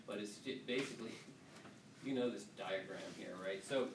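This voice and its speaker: A man's voice: on the low side, normal speed, vocal fry, a little hiss or hum. A male teacher lecturing to a class and telling a story against himself, rambling with many restarts and frequent laughs.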